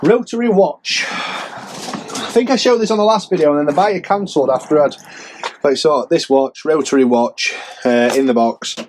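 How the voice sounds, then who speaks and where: A man's voice: a little high, moderate pace, a little hiss or hum. A man giving a casual, rambling sales update as a reseller vlogger, chatty and self-mocking. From England.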